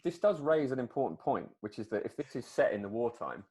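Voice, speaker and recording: A man co-hosting a comedy podcast, musing on the clips with real enthusiasm. His intonation is very lively and roams widely. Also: mid-range voice, a little fast. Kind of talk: casual comedic chat.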